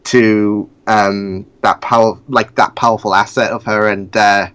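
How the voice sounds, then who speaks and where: A man's voice: fairly low pitch, little pitch movement, unhurried, fairly bright tone, smooth. A man hosting a podcast, talking casually with many fillers and restarts. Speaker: podcast host. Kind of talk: casual chat.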